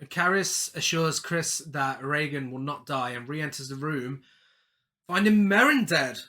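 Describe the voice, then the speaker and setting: A man's voice: a little high, expressive, a little slow, pushed and bright. A man co-hosting a podcast, recapping a film's plot with laughing asides in casual chat. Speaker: podcast co-host.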